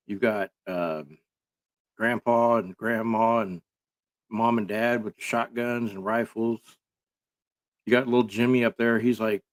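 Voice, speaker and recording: A man giving casual, rambling commentary full of sarcastic jokes and filler words. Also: lowish voice.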